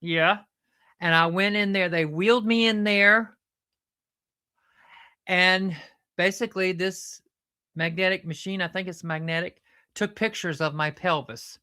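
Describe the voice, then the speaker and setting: A woman's voice: on the low side, unhurried, pauses often, sharp tone. A woman with a Southern US accent, hosting a chatty, earnest, self-mocking update. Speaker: host. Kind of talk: casual comedic update.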